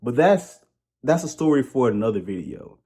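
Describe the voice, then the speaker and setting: A man giving a casual comedic movie review, rambling, joking and ranting in an animated way. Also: mid-range voice, moderate pace, slightly rough.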